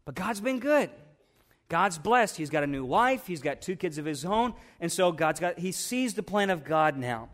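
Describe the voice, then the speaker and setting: A man's voice: sits high, very animated, normal speed, fairly bright tone. A male pastor preaching a sermon, retelling a story in an earnest, folksy way.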